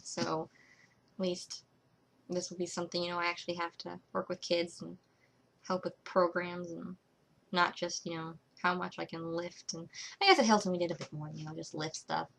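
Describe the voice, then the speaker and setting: A woman's voice: on the low side, level tone, moderate pace, gravelly, slight background noise. Rambling young woman vlogging casually. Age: young adult. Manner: rambling, with many fillers and restarts, trailing off quietly.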